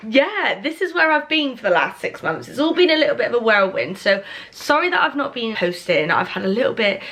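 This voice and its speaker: A woman's voice: a little high, very animated, a little fast, fairly bright tone. A young woman from England chatting casually to her camera at home, rambling and emotional, close to tears at times. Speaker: vlogger. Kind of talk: casual talking-to-camera vlog.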